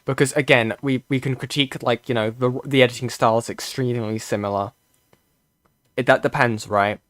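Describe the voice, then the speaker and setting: A man's voice: mid-range voice, fairly even intonation, fairly quick, fairly bright tone, no echo, clean studio sound. A young British man streaming reaction commentary, rambling and swearing, full of fillers and restarts.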